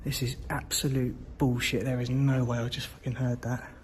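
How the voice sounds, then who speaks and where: A man creeps through an empty building at night, talking in hushed whispers and cursing under his breath. His voice is of middling pitch and comes through a handheld camera mic, with a faint hiss underneath. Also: flat delivery, normal speed. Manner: whispering, frightened, swearing often. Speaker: solo paranormal explorer. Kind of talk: whispered handheld exploration commentary. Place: abandoned building at night, indoors.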